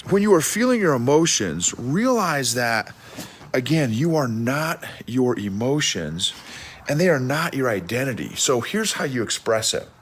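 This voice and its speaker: A middle-aged man with a folksy, animated manner, talking to a phone camera outdoors in the snow and often restarting his words. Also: mid-range voice, measured pace, a little hiss or hum. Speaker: leadership coach and podcast host. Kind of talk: casual outdoor talk to camera.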